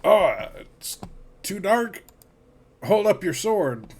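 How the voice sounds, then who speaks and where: A man voicing a helpful spellcasting sailor who speaks in a raised, hurried voice. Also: high voice, sing-song, a little mellow, slight background noise, pitched above the performer's own voice, exaggerated voice.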